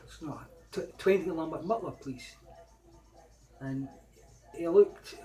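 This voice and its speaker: Scottish man, a touch high, rambling anecdotes. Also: a little slow, long pauses, mellow. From Scotland. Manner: rambling and hesitant, turning emphatic when replaying arguments. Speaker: vlogger. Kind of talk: casual anecdotal storytelling.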